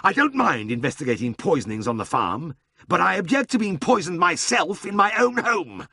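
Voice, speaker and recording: A man voicing a jovial older boss who turns icily quiet and then outraged, in an audiobook. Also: high-pitched, sing-song, moderate pace, breathy edge, no echo, studio quality, voice pushed up, full character voice.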